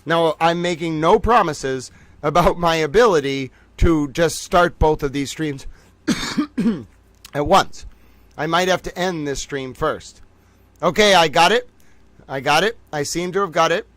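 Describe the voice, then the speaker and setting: A man with a slightly high speaking voice hosts a casual livestream, addressing his viewers as ladies and gentlemen. He swings into theatrical mock outrage and grand declarations as he talks to them. The sound is close and dry, with no room around it. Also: a little slow, no room sound. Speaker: livestream host.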